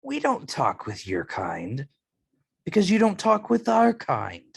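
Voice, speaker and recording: A man's voice: high-pitched, wildly swooping pitch, slow, vocal fry, breathy edge, pitched above the performer's own voice, heavily acted. A man voicing a hostile male ratfolk guard in a tabletop game, with cold, terse threats.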